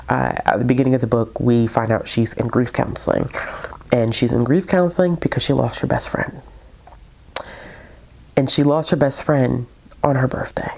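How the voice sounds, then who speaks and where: A woman's voice: very deep voice, a little mellow. A woman vlogger talking through her monthly book reviews in a casual, heartfelt way, tearful and full of fillers and restarts.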